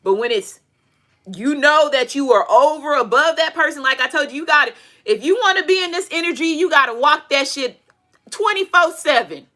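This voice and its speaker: A woman's voice: high voice, expressive, moderate pace, sharp tone. A woman, giving a casual tarot reading with blunt, profane asides and preachy advice. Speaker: tarot reader. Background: faint music playing.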